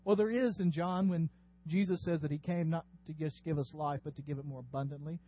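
High-voiced preacher. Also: male voice, steady tone, brisk, muffled recording, soft background music. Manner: earnest, exhorting, rising to emphatic bursts. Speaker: pastor. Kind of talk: sermon.

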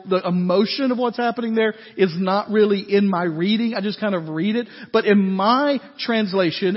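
A pastor delivering a conversational, animated sermon, often checking in with his listeners. His voice is high and a little husky. The recording is dull and lo-fi, with long reverb from a church sanctuary. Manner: conversational, animated preaching with asides to the congregation. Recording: echoey hall, dull lo-fi sound.

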